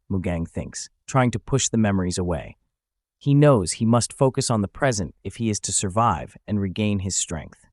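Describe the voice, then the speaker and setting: A man narrating a comic story recap, telling it with dramatic, lively delivery. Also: fairly low pitch, normal speed, no echo, clean studio sound.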